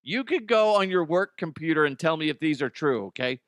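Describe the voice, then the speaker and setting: Animated man riffing on funny news. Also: on the high side, brisk, no room sound, studio quality. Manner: rambling, swears, laughs at own jokes. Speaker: host. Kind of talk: comedic news commentary.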